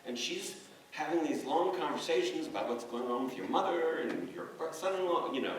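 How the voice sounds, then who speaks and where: A man giving a rambling, hesitant memorial speech as a neighbor, telling stories with many pauses and fillers. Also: medium pitch, a little hiss or hum. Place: church memorial service. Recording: echoey hall, distant mic, soft music.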